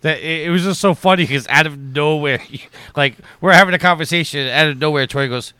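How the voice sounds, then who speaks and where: Bright, crisp-voiced podcast host. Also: male voice, fairly high pitch, brisk, hardly any pauses, no echo. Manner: upbeat, steers the conversation. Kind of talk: casual podcast chat.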